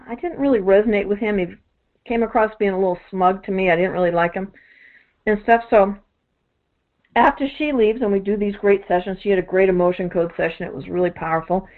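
Energy worker lady chatting away, rambly storyteller, thin phone-ish sound. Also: mid-range voice. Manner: rambling, many "you know" fillers and restarts. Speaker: energy work practitioner. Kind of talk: casual storytelling monologue. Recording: tinny phone-like audio.

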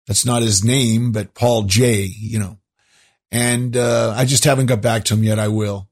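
A man with a husky, slightly breathy voice hosts his own show. He talks to his listeners in a loose, rambling monologue full of asides and restarts. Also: lowish voice, fairly even intonation, a little slow. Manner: rambling, conversational, many asides. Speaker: show host.

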